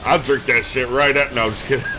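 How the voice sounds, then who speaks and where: A man streaming a game live, chatting casually in a loud, profane, joking way. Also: medium pitch, fairly even intonation, fast, background noise. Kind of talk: casual livestream chat while gaming.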